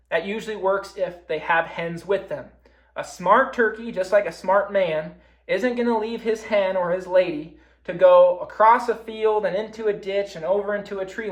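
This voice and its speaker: A young man giving a casual recorded talk on hunting, explaining his methods as he demonstrates them. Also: high voice. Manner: casual, explains with hands-on calling demos. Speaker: hunting presenter. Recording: echoey room.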